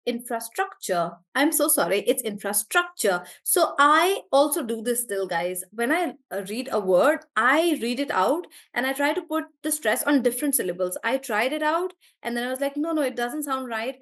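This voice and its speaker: A woman teaching an online English class, sounding out words slowly to show syllable stress and correcting herself as she goes. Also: high-pitched. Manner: animated, drawn-out demonstration of syllable stress, self-correcting.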